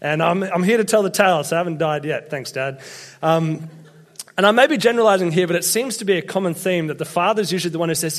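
A man's voice: high voice, quick pace. A young Australian man giving a casual sermon, telling chatty, self-deprecating stories to a church congregation. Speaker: preacher.

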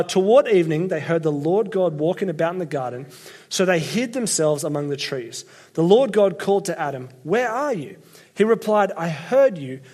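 Young male preacher, slightly high voice, casual and jokey sermon delivery. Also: darkish tone. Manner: conversational, jokey, often checks in with "right?" and "okay?". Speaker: pastor.

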